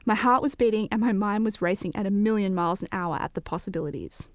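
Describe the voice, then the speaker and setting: A woman narrating a childhood memory with vivid, animated storytelling. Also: mid-range voice, fast, no echo, clean studio sound. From Australia.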